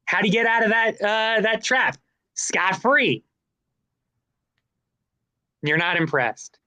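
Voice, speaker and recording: A man's voice: high-pitched, normal speed, bright, forceful tone, no room sound. A man chatting casually on a livestream, rambling and joking, laughing often.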